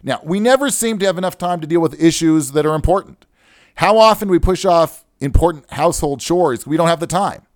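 A man's voice: on the high side, brisk, no echo, studio quality. A middle-aged man hosting a casual solo radio talk show about money, digressive and joking, saying he is wound up. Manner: animated, digressive, joking, self-described wound up. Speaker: radio show host, financial adviser. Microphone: studio microphone.

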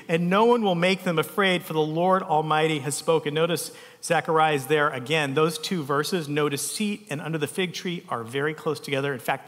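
A man preaching a sermon as a pastor, telling personal stories and dropping to a soft, tender voice at heartfelt moments. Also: a little high, big-room sound. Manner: emotional, storytelling, speaks softly at tender moments.

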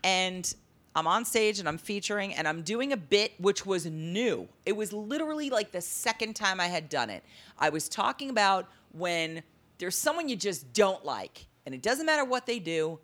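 Animated woman telling a comedy story. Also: medium pitch, normal speed. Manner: animated, self-mocking, swings loud and quiet. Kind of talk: casual storytelling chat.

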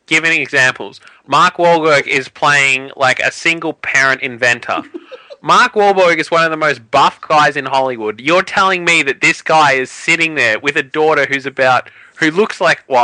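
A man's voice: a little high, bright, forceful tone, no room sound, poor audio. A man, co-hosting a podcast and ranting sarcastically in a casual film review. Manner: ranting, sarcastic, quick asides. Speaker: podcast co-host.

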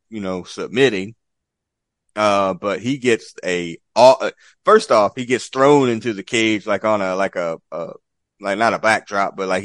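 A man's voice: lowish voice, fairly bright tone, no echo. A man casually recapping an old wrestling event as a podcast co-host, rambling with lots of fillers and swearing.

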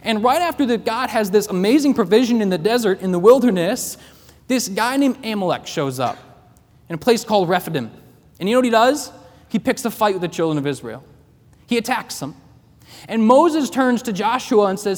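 A man preaching a sermon to college students, with emphatic delivery and dramatic pauses. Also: high voice, expressive. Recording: long hall reverb.

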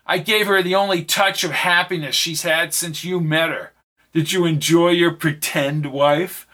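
Smug taunting villain guy, bright edgy voice, a male narrator putting him on. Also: fairly high pitch, steady tone, unhurried, voice pushed up. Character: cold menacing man who manipulates realities.

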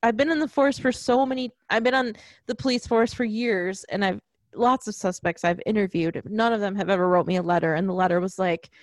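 In a dry recording, a woman with a medium-pitched voice talks a little fast about a movie she's seen. She's chatty, frequently restarts, and recounts scenes while quoting what the characters said.

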